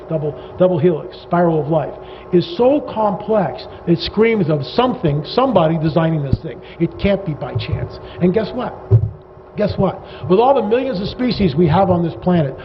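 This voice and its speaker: Animated man, high voice, lecturing a crowd in a big reverberant hall, sarcastic and rambling. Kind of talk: lecture to a live audience. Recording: dull reverberant hall recording with faint noise.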